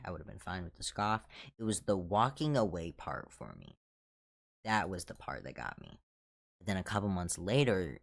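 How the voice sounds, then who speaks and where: Deep-voiced blunt man telling work stories. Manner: blunt, sarcastic, swears freely. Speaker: hotel head of housekeeping. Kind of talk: casual storytime vlog.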